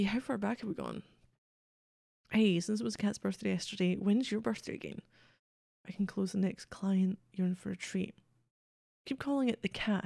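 Female streamer, sardonic, swears; dark, gravelly, dry. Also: mid-range voice, no echo. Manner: sardonic, swears, reads game texts aloud. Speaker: game streamer. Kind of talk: casual gameplay commentary.

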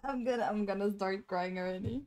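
A woman's voice: medium pitch, a little fast, darkish tone. A young woman streaming a game live, cursing and laughing in exasperation as she plays. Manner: swearing a lot, exasperated, laughing often. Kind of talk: live gameplay commentary.

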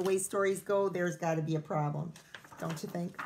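A woman teacher reading a picture book aloud to children, expressive, with chatty asides to her listeners. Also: low voice, normal speed, vocal fry.

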